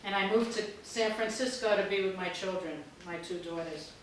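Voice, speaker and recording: A woman in her sixties from New York, telling stand-up stories in a blunt, deadpan way and swearing freely. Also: mid-range voice, moderate pace. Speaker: stand-up comedian. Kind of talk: stand-up storytelling. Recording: very echoey hall, distant mic, faint noise.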